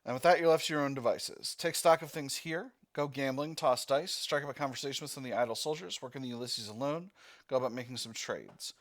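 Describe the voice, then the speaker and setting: A man playing a text-based war game, reading the narration aloud and thinking out loud as he picks options. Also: medium pitch, fast. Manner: reads narration, thinking aloud with fillers and restarts. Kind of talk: let's-play narration.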